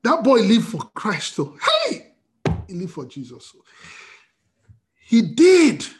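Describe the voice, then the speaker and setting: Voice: mid-range voice, very animated, a little slow, breathy edge. A preacher giving an emotional, fervent sermon, often restarting phrases.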